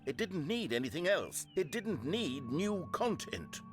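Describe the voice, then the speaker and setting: A man's voice: on the high side, very animated, measured pace. A man playing a bitter, theatrical game narrator. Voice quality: theatrical, mocking, voice swings wide. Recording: game audio over music.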